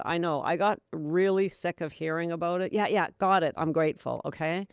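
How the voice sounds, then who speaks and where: A woman hosting her own sobriety podcast, chatting to listeners in an encouraging, easygoing way with frequent laughs. Her voice is smooth and clear, recorded close and dry. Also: lowish voice, normal speed, hardly any pauses, dry recording, muffled recording. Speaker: podcast host and sobriety coach. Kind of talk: casual solo podcast talk.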